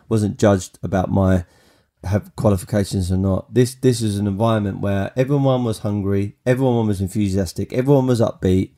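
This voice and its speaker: Chatty man, low mellow voice. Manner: chatty, animated storytelling with many restarts. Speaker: podcast host. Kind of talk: storytelling monologue.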